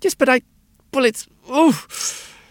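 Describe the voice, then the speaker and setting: A man voicing a lonely, thirsty old woman in a told story, with a high, plaintive, fussy voice. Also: fast talker, no echo, clean studio sound. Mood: disgusted.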